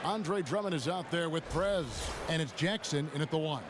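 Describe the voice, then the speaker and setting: A man doing energetic play-by-play commentary for a basketball game. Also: on the high side, moderate pace, noisy background. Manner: energetic broadcast delivery. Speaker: play-by-play announcer. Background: music.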